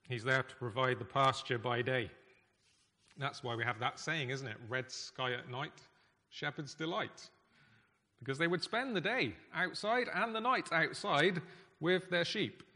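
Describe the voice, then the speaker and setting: A man preaching a sermon in a conversational, emphatic way, with pauses. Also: medium pitch, sharp tone. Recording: echoey hall reverb.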